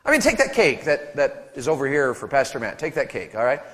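A man in his thirties preaching a sermon to teenagers at a camp, animated and storytelling, acting out voices and joking with the crowd. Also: mid-range voice, brisk, big-room sound.

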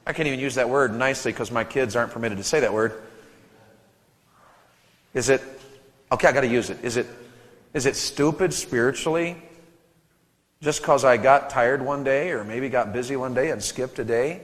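A man in his thirties preaching a sermon to teenagers at a camp, animated and storytelling, acting out voices and joking with the crowd. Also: mid-range voice, brisk, in a large hall.

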